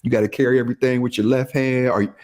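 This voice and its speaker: A man's voice: mid-range voice, steady tone, fast talker, a little mellow. A man co-hosting a casual podcast, speaking emphatically and repeating his points to drive them home. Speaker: podcast co-host and police officer. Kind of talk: casual chat.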